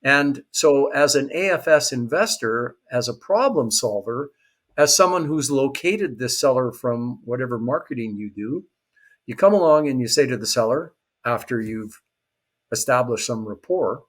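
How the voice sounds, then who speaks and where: A man's voice: mid-range voice, moderate pace. A middle-aged man explains a real estate investing strategy in an interview, telling a story and acting out what the people in it say. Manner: lively storyteller who acts out quoted people.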